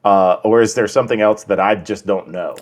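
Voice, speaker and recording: A man's voice: on the low side, fairly even intonation. A man co-hosting a podcast, chatting casually and often restarting his sentences. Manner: halting, restarts often while telling stories. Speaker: podcast co-host.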